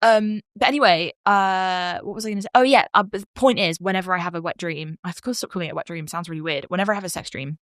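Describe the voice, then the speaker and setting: A woman's voice: on the low side, fast talker, few pauses, fairly bright tone, dry recording, clean studio sound. A woman comedian, guesting on a podcast, chatting frankly and playfully and laughing often. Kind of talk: casual podcast chat.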